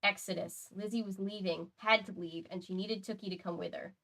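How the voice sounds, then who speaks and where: Woman host, reading aloud, wry chatty asides, medium pitch. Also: fairly even intonation, a little fast, fairly bright tone, poor audio. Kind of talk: reading a novel aloud with commentary.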